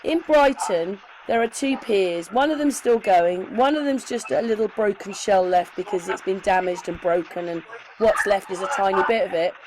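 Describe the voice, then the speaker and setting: A woman's voice: mid-range voice, moderate pace, a little mellow. Chatty woman on a noisy recording. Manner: conversational, keeps adding points, asks for agreement. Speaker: co-host. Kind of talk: casual chat.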